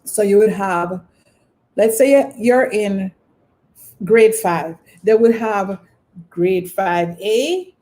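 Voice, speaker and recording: A middle-aged woman with a Jamaican accent talks in a casual, wandering way, circling back and filling gaps with "you know". Her voice is mellow and warm, at an ordinary pitch for a woman. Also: drawn-out words, pauses often. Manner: rambling, filler-heavy storytelling. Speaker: channel host. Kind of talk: casual reminiscing monologue.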